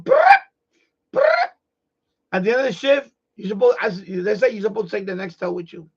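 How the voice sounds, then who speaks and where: A middle-aged man hosting a live stream, ranting in a blunt, profane, animated way in casual chat. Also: high voice, vocal fry, muffled recording.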